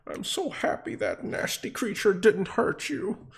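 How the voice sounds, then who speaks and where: A man's voice: expressive, a little slow, vocal fry, exaggerated voice. A man voicing a gushing, flustered woman who dotes on her cat, in a tabletop game. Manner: shrill, breathless and fussy.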